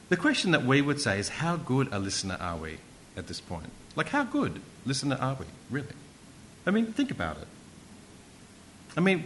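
Male pastor, middle pitch, animated delivery, quizzes the room, faint background hiss. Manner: questions the congregation, repeats words for emphasis. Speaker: preacher. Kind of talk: interactive sermon.

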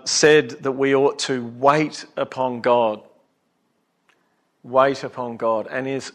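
A man's voice: on the high side, a bit bright. A middle-aged man giving an earnest, emphatic Bible talk, asking his listeners questions as he goes. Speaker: Bible study speaker.

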